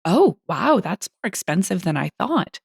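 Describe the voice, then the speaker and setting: A befuddled, tight-fisted grown man at a shop counter, as a woman narrator puts him on, pressing question after question. The voice is bouncy and lively with a gravelly edge. It sits dry and close, with no room sound. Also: fairly low pitch, a little slow, no echo, heavily acted. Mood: confused. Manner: baffled, insistent questioning. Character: dim, penny-pinching adult male customer.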